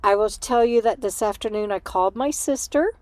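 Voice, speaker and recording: A tired woman hosting her own livestream, talking in a reflective, halting way and laughing often. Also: mid-range voice, darkish tone, no room sound. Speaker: livestream host. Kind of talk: casual personal chat.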